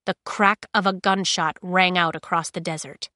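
A woman narrating an audiobook chapter in a measured, steady reading voice. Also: lowish voice, no room sound, clean studio sound. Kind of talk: scripted narration.

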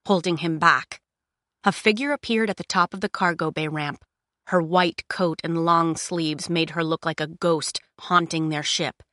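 A woman narrates an audiobook chapter from a script, her voice on the low side, measured and expressive in a storytelling style. The studio sound is clean, with no room sound.

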